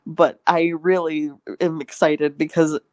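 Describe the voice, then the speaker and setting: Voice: mid-range voice, flat delivery, measured pace, darkish tone, no echo. A podcast guest in casual chat, chatty and laughing often.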